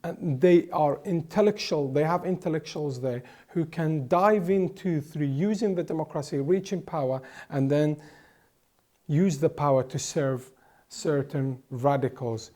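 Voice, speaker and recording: Emphatic man from the Middle East, dark voice. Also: on the high side, measured pace. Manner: emphatic, with frequent restarts and repetitions. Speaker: interview guest. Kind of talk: impassioned political commentary.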